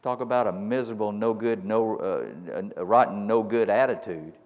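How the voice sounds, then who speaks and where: Lowish-voiced man preaching in a reverberant hall. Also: fairly quick, a little mellow. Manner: preaching with repeated rhetorical questions, building to emphatic peaks. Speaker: pastor. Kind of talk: sermon. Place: church sanctuary. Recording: long reverb of a large hall.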